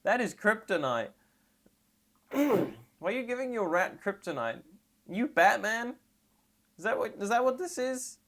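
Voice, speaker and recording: A trans woman streaming live and reacting to memes, rambling and sarcastic with deadpan asides, and tired. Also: a little high, a little slow, long pauses.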